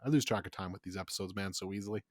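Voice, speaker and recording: A man's voice: deep voice, rapid-fire, dry recording. Enthusiastic, profane male podcaster, dry sound. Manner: enthusiastic, profane, rambling with fillers. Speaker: podcast co-host. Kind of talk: casual chat.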